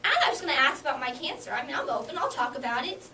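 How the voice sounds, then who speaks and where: A young woman giving a humorous contest speech, telling stories in an animated way and laughing often. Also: sits high, very fast. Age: young adult. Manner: animated storytelling with bursts of laughter. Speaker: contest speaker. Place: hall with audience. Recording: echoey hall from far off, noisy.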